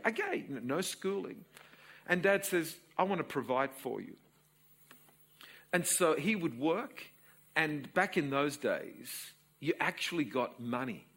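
A man in his sixties with an Australian accent, preaching a sermon and telling a family story to his congregation in an animated storytelling manner. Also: fairly high pitch, husky. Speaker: pastor.

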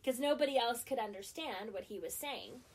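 A woman's voice: a little high, normal speed, a crowd in the background. A middle-aged woman, a guest on a talk show, telling a story in a casual way with lots of fillers and restarts. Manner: lively, with frequent fillers and restarts.

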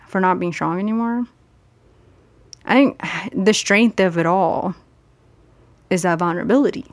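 A woman's voice: fairly low pitch, dry recording. Woman doing a solo podcast, candid chatty talk, dry close mic. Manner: candid, conversational, speeds up and slows down for emphasis. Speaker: podcast host.

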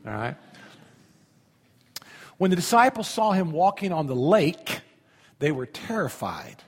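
A man pastor gives a chatty sermon, often turning to the congregation with questions. His voice is slightly high and a bit husky. A long reverb hangs around every phrase. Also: big pitch swings, measured pace. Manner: conversational, asks the audience questions.

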